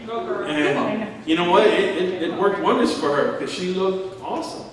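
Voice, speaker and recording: A middle-aged man preaching a sermon, his voice pitched a little high and heard from some distance in a big echoing church hall. He tells stories with a laugh, slipping into quoted voices. The room's long reverb trails every phrase. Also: unhurried, a crowd in the background. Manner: storytelling, acting out quotes, chuckling. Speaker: pastor. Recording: echoey hall from far off.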